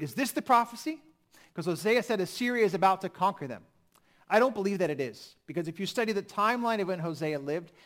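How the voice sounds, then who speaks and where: Male pastor, high voice, expressive preaching with hushed drops. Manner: expressive, swings from emphatic to hushed. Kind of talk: sermon.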